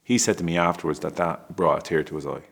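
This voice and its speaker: Very deep-voiced man telling a candid story. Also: vocal fry, breathy edge. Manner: candid, halting, with frequent restarts and laughs. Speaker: father telling a personal story. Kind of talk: emotional personal storytelling.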